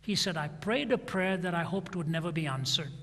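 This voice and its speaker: Husky male preacher in a reverberant hall. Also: on the high side, lively intonation, a little fast, fairly bright tone. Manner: retells a dialogue, acting out both sides. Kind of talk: sermon storytelling.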